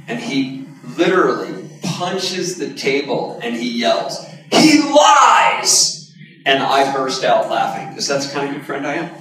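A man preaching a sermon, telling a personal story in a candid, conversational way with emphatic bursts. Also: medium pitch. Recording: echoey hall, voice from a distance.

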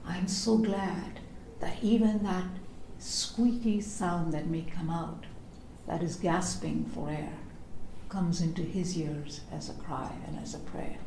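A middle-aged woman giving a devotional teaching on prayer, telling stories expressively and slowing down to read scripture. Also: lowish voice, fairly even intonation, dark tone, a little hiss or hum. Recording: echoey room.

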